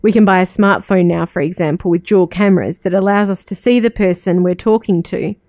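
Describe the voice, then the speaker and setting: A religious sister giving a reflective spiritual talk, moving between questions to the listener and personal stories. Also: female voice, lowish voice, fairly even intonation, brisk, a little mellow, dry recording, clean studio sound. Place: living in the United States, not from there.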